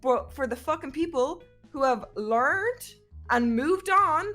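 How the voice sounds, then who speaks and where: A woman with a bright, high voice argues her point emphatically in a casual podcast chat. She swears often as she talks, and faint music sits behind her. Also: animated, takes it slowly. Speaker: podcast co-host.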